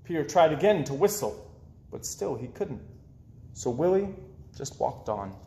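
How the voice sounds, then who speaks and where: A man reading children's picture books aloud in an expressive storytelling voice. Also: on the high side, unhurried, reverberant. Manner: expressive, with swoops up and down. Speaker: children's book reader.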